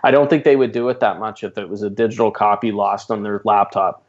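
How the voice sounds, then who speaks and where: Canadian man, low register, easygoing self-deprecating podcast guest, dull lo-fi recording. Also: steady tone, fast talker. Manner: chatty, self-deprecating, with repeated restarts. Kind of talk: casual interview chat. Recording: dull lo-fi sound.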